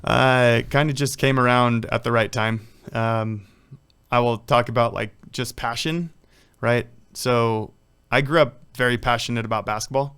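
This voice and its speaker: A man's voice: medium pitch, fairly even intonation, normal speed, fairly bright tone, clean tone. A man, a professional athlete, talking casually in an interview, rambling through stories with lots of "like" and "you know.". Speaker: guest, professional water polo player.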